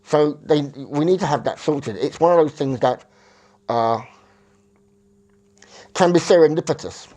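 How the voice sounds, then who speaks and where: A man's voice: fairly high pitch, measured pace, pauses often, mellow. A man from England, talking in a rambling, self-correcting monologue that searches for words. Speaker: vlogger.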